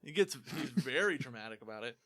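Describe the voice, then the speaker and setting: A man's voice: medium pitch, lively intonation, fast talker, bright, forceful tone, dry recording. A man co-hosting a casual gaming chat, retelling scenes by quoting characters. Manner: retells scenes with quoted lines. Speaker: podcast co-host.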